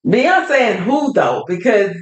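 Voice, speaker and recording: A woman's voice: medium pitch, sing-song, slow pace. A woman co-hosting a casual podcast chat, talkative and colloquial, laughing easily as she talks. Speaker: podcast co-host. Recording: roomy echo.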